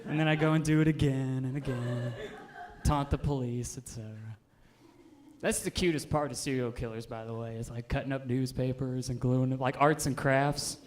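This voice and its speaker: A man in his twenties doing a stand-up set, with an offhand, deadpan delivery full of "um"s. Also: mid-range voice. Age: 20s. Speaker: stand-up comedian. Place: live comedy stage.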